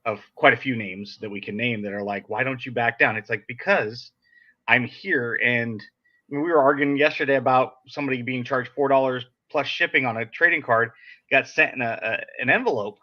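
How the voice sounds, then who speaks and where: A man's voice: medium pitch, normal speed. A man hosting a casual podcast chat, talking in a blunt, direct, sarcastic way. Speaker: podcast host. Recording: dull lo-fi sound.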